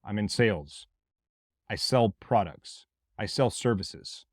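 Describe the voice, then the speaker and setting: A man from Mississippi with a Southern accent, hosting a podcast as a blunt, forceful motivational monologue with plenty of swearing. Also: lowish voice, animated, slow pace, no echo, studio quality. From Mississippi, USA. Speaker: podcast host.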